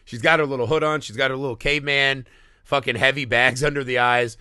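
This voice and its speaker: A man co-hosting a casual movie podcast, retelling scenes in a profane, animated way and acting out bits of dialogue. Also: mid-range voice, fast talker, clear, resonant tone, no echo, clean studio sound. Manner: animated, profane scene recaps with acted-out voices. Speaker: podcast co-host.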